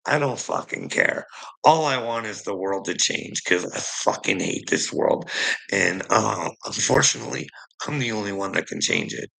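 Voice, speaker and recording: A man's voice: fairly low pitch, lively intonation, moderate pace, creaky, bright, forceful tone, slightly rough, rough recording. A man delivering a heated, profane rant to his viewers, confrontational and swearing constantly. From Canada. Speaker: streamer.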